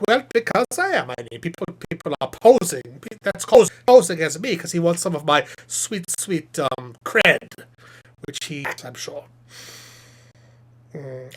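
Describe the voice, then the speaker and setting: In a fairly high-pitched voice, a man plays a smug, talkative puppet professor running a live stream, where he reads out chat questions and meanders through answers laced with deadpan humor.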